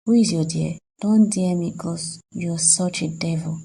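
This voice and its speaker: Woman doing a hurt young woman in a cartoon, raspy gravelly dark voice, low-ish. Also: steady tone, measured pace, full character voice, poor audio. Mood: angry. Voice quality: husky, gravelly. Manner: accusing, distressed. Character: heartbroken young woman, betrayed fiancée. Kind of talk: cartoon voice acting.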